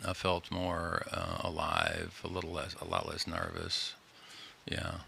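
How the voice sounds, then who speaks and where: A man hosting a live community show, talking in a relaxed, rambling way into a studio microphone. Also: sits low, unhurried, creaky, a little hiss or hum. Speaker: host.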